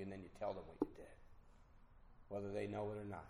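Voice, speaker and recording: A middle-aged man earnestly telling a personal recovery story to an audience, with halting restarts. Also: on the low side, steady tone, mellow. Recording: roomy hall with faint noise.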